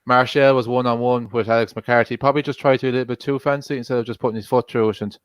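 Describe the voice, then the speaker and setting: A man co-hosting a football watch-along, talking in a relaxed, reflective way and saying "like" often. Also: medium pitch, rapid-fire, clean tone, no echo. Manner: relaxed, reflective, says "like" a lot. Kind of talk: casual chat.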